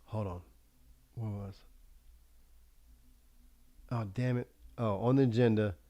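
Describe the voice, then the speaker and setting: A man's voice: on the low side, fairly even intonation, slow, warm tone, no echo. A man hosting a livestream talk show in a rambling, profane monologue, laughing often as he goes. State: high.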